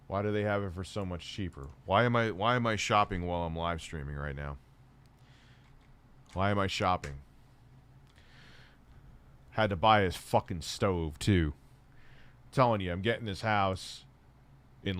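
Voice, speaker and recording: Smooth low-voiced middle-aged man streaming. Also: measured pace, long pauses, a bit bright. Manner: rambling, profane, reads chat aloud while shopping. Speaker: live streamer. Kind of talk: casual live stream chat.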